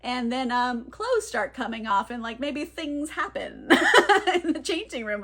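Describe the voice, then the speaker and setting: A woman with a high voice recaps a novel in a loose, chatty way. She is sarcastic and laughs a lot, and her talk is full of fillers. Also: animated, a little slow, pushed and bright. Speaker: book reviewer. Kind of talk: casual book recap.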